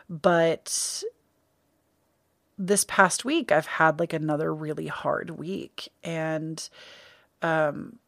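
A woman's voice: lowish voice, creaky, dry recording, studio quality. Candid rambling woman podcast host. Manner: candid, rambling, self-correcting. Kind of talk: casual spiritual podcast monologue.

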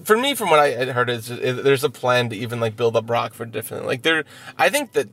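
A man co-hosting a casual sports podcast, talking haltingly with many stammered restarts, from a parked vehicle outside an arena. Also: mid-range voice, lively intonation, fairly bright tone. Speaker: podcast co-host.

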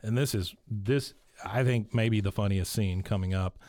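A man's voice: fairly low pitch, normal speed, no room sound. Man recapping a cartoon in a dry studio. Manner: animated storyteller, laughs while retelling. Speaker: podcast host. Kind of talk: casual episode recap. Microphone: studio mic.

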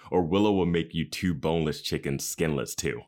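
Very deep-voiced man chatting casually. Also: fairly quick. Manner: laughs often, relaxed. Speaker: podcast co-host. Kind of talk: casual chat recapping a TV episode.

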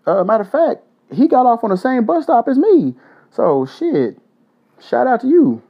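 Profane lively-voiced man hosting a podcast. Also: extremely high pitch, normal speed. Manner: profane, blunt, joking shout-outs. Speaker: podcast host. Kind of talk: casual solo podcast. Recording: dull lo-fi audio.

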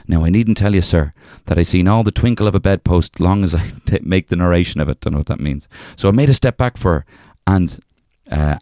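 A young man with a very low voice reads an old folk tale aloud. He does it in a thick storyteller's brogue, stopping now and then for a wry aside. The sound is close and dry. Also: warm tone, dry recording. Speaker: podcast co-host reading a folk tale. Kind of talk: casual podcast chat with dramatic reading.

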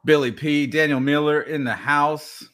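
A man's voice: a little high, fairly even intonation, normal speed, fairly bright tone. A man hosting a casual podcast, playful and jokey, welcoming people by name. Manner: playful, jokey, introduces guests. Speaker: podcast host. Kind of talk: casual chat.

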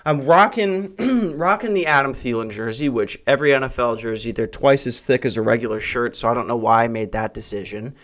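A man's voice: medium pitch, brisk, few pauses, fairly bright tone. Profane ranting man podcasting at home. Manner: crude, profane, ranting and self-mocking. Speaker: podcast host. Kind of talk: solo comedic podcast rant. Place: hot brick house.

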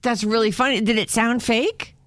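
A woman co-hosting a casual chat, reacting with quick questions. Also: fairly high pitch, fairly even intonation, fairly bright tone, no room sound, clean studio sound.

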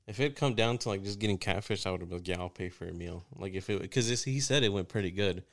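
A man's voice: deep voice, fast, gravelly. A man co-hosting a casual podcast, blunt and heated, cursing freely and cracking jokes. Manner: heated, profane and blunt, joking. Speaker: podcast co-host.

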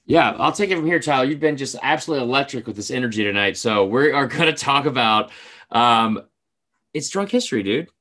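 Male podcast co-host, bright voice, casual and rambling storyteller. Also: medium pitch, expressive, fairly quick. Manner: rambling storyteller, lots of filler "like", swears casually.

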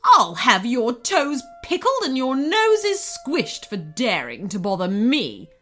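Goblin Queen, shrill and cackling. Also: very animated, a little slow, soft background music. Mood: outraged. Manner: shrieks, cackles, threatens. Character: evil shrieking female goblin queen, greedy and cruel. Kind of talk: storybook character voice.

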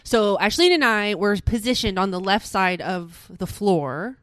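A young woman telling a story in casual chat, animated and swearing, acting out what people said. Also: medium pitch, measured pace, clear, resonant tone, no room sound, clean studio sound.

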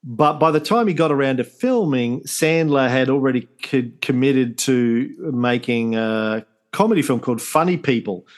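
A man, co-hosting a history podcast, telling it in a casual, halting way with many restarts. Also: mid-range voice. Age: 50s. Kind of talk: casual conversational storytelling.

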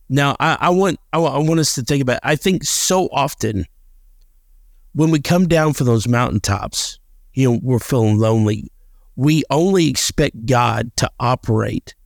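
A man's voice: mid-range voice, gravelly, dry recording, clean studio sound. A man co-hosting a podcast, talking earnestly about faith and reading scripture aloud, often repeating and restarting his words. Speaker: podcast co-host.

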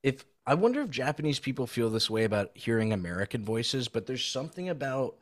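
A man's voice: mid-range voice, big pitch swings, quick pace. A man on a podcast chatting casually in a laid-back, slangy way. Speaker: podcast co-host. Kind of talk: casual chat.

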